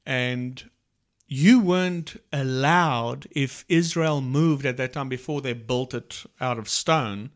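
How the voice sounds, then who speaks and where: A man co-hosting a casual faith talk, retelling Bible stories in an unhurried way with many restarts. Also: mid-range voice. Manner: slow, unhurried storytelling with restarts and laughs.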